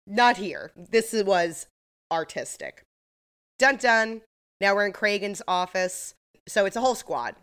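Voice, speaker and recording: A woman's voice: mid-range voice, expressive, a little slow. A woman co-hosting a podcast, casually recapping a TV episode with lots of fillers and the odd laugh. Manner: chatty, filler-heavy retelling with laughs. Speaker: podcast co-host.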